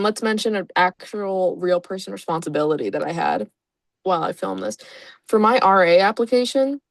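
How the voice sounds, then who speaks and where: A woman's voice: medium pitch, no room sound. A young woman YouTuber reading a story aloud and reacting to it with sarcastic, profane, self-mocking asides. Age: young adult.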